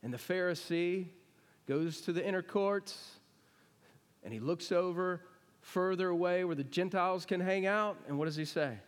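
Man, pastor preaching a conversational sermon, fairly high voice, long church hall reverb. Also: moderate pace. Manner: conversational preaching, asks the congregation questions. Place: church sanctuary.

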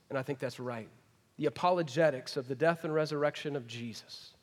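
A middle-aged man preaching a folksy sermon, swinging from emphatic to hushed. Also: a little high, a little fast. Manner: folksy, rising to emphatic then dropping to hushed. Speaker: pastor. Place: large church hall. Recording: long hall reverb. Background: congregation.

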